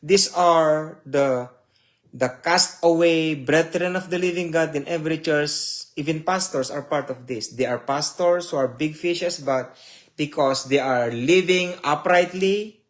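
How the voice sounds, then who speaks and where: A male preacher delivers a sermon slowly, with a fairly high voice. He reads scripture in loud swells and then drops into near-murmured asides to his listeners, sounding tearful at times. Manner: slow, emotional preaching with swells and drops in loudness.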